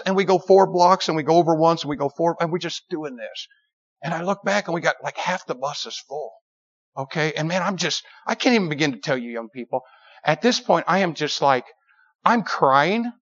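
A man delivers a sermon to young people in a high voice, telling a story with animated energy and bursting into sudden high shouts as he acts out what people said. The recording sounds dull and lo-fi. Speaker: preacher.

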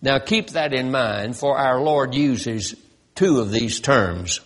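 A man preaching a sermon in a slow, folksy, emphatic way, drawing out his words. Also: mid-range voice.

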